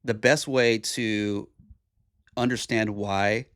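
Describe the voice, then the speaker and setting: A man's voice: on the low side, steady tone, takes it slowly, fairly bright tone, clear, resonant tone, no echo, studio quality. A tired, groggy young man hosting a solo podcast, talking in a rambling, reflective way with restarts. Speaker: podcast host. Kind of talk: casual solo podcast monologue.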